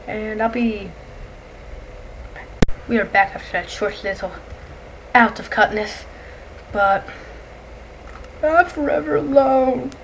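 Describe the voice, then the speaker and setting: A woman giving casual gameplay commentary, excitable and chatty, yelling and shrieking when monsters attack and chatting to the creatures. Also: a little high, slow pace, long pauses, background noise. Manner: excitable, shrieks and yells at enemies; chatty, talks to game creatures. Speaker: let's play gamer.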